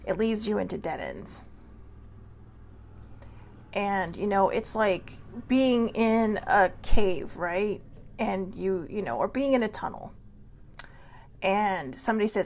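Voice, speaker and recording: Middle-aged woman host, gravelly voice, earnest rambling pep talk, laughs at herself. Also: mid-range voice, animated, slow pace, pauses often, a little mellow. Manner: earnest, rambling, self-deprecating. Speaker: host of a self-help talk show. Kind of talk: casual motivational monologue.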